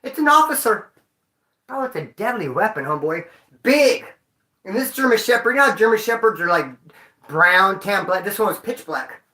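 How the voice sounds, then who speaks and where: A man tells stories to his viewers in a rambling way, heavy with street slang and profanity. His voice is bright and forceful. The room around him is echoey. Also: high-pitched, lively intonation, normal speed. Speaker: vlogger. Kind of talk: casual storytelling to viewers.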